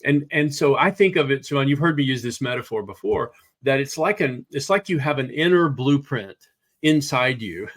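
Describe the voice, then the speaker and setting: An older man speaks as a guest on a leadership podcast. His manner is earnest and reflective, and he picks his words carefully. Gentle laughs come through now and then. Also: medium pitch. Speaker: podcast guest, executive coach. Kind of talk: reflective conversational talk.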